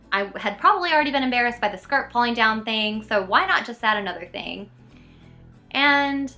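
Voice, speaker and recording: A young woman telling embarrassing childhood stories in a casual, animated, self-mocking vlog. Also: medium pitch. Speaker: vlogger.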